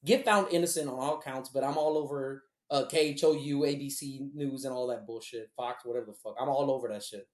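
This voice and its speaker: A man co-hosting a podcast, telling a personal story in casual, profane, animated chat. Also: medium pitch, fairly quick, hardly any pauses, echoey room. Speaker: podcast co-host.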